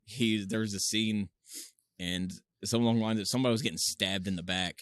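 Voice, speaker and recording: A man co-hosting a podcast in casual chat, telling animated stories with swearing and laughter. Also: on the low side, fast talker, no room sound. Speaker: podcast co-host.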